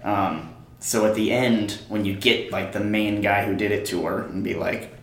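A man with a fairly low voice talks about films with real enthusiasm, walking through favorite scenes in a relaxed conversational way. The sound is roomy, with a noticeable echo around him. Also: moderate pace. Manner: enthusiastic, retells scenes with acted quotes and laughs. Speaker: podcast co-host. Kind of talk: casual movie discussion.

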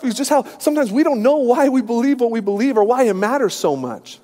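A man's voice: very high-pitched, lively intonation, quick pace, few pauses, warm tone, long reverb tail. A man in his thirties preaching a sermon, telling personal stories with humor and self-deprecation. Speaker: pastor.

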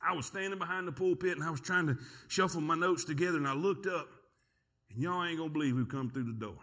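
Speaking fast in a slightly high voice, a middle-aged pastor preaches in a church sanctuary. He is animated and folksy, spinning a story and calling out to his congregation.

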